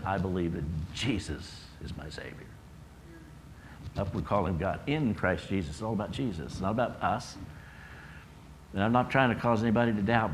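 Male pastor, sermon delivery, earnest with emphatic rises, lowish voice, faint church ambience. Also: a little hiss or hum. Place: church sanctuary.

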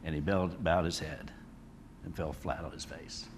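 A man's voice: very deep voice, steady tone, moderate pace, background noise. Guy teaching a bible study, chatty, keeps asking "all right?". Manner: conversational, frequent "all right?" checks. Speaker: preacher.

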